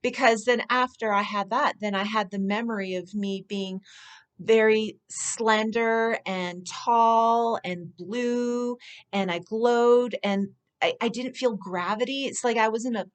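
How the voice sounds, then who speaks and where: A woman speaking as a spiritual speaker, telling personal stories in an earnest, unhurried way with soft laughs. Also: a little high, steady tone, clear, resonant tone. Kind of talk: personal storytelling monologue.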